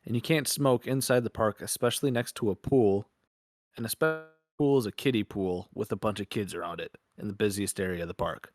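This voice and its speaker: A man's voice: fairly low pitch, fairly quick. A young man co-hosting a podcast, telling rambling, profane stories in casual chat. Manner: crude, rambling storyteller, swears often. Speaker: podcast co-host.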